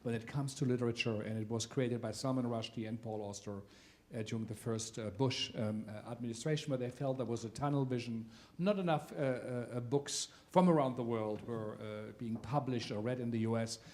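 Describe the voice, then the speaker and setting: Male theater director opening an event, mid-pitched voice, halting welcome speech with frequent hesitations. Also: steady tone, darkish tone. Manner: halting, with many filler sounds. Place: theater venue.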